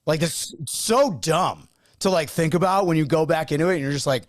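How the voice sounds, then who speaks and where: A man's voice: a little high, moderate pace, no room sound, clean studio sound. A man hosting a podcast who chats casually, acting out the people he quotes as he tells stories. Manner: animated storyteller acting out quoted dialogue.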